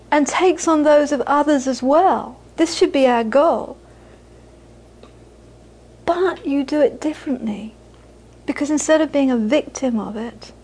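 A woman's voice: high voice, warm tone. A British woman, a Buddhist teacher, giving a dharma talk to a live audience, earnest and repeating phrases for emphasis, with frequent laughter.

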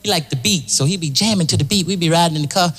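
A man comedian doing animated, slangy stand-up storytelling. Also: fairly high pitch, racing, big-room sound.

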